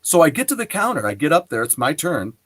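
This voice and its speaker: A man's voice: on the high side, quick pace. A man hosting an interview show, telling a long anecdote in casual chat and acting out the dialogue he quotes. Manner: lively storyteller who acts out quoted dialogue.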